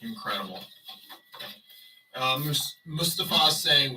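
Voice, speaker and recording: A man's voice: mid-range voice, a little slow, distant mic, background noise. A man livestreaming in casual chat, rambling and sarcastic as he talks to his viewers.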